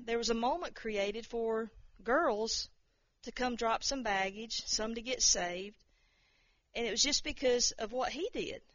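Casting note: high-voiced woman, rambling testimony, dull dry recording. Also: no echo. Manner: rambling, repeats words, acts out quoted voices. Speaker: speaker sharing a testimony. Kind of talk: informal testimony talk.

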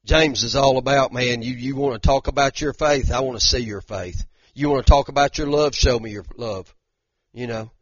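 An older man, teaching a conversational sermon as a pastor in a folksy, animated way that rises to emphatic bursts. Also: medium pitch, normal speed, no room sound, highs cut off. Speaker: pastor teaching a Bible study.

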